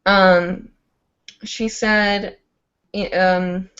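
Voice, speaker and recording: A woman talking casually on a livestream, rambling and filling pauses with "like" and "um". Her voice sits at an ordinary middle pitch. The audio is dull and lo-fi. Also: little pitch movement, fairly bright tone, smooth. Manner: chatty, rambling, full of "like" and "um". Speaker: host of a live hooping show.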